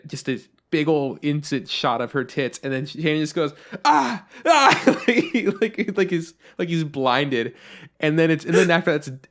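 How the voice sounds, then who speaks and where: Rambling casual male podcast co-host. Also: medium pitch. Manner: rambling, lots of "like" and swearing. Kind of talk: casual anime podcast chat.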